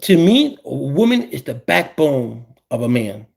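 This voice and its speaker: A man hosting a casual talk show, sharing opinions in an animated way and often repeating or restarting his phrases. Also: mid-range voice, measured pace, vocal fry, very noisy. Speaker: podcast host.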